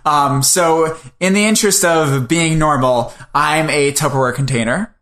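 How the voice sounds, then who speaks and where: A fairly high-voiced man with a bright, forceful tone, chatting loosely as a podcast co-host. He rambles and makes fun of himself. The room around him rings with a noticeable echo. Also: a little slow. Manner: rambling, joking, self-deprecating. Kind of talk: casual podcast chat. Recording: roomy echo.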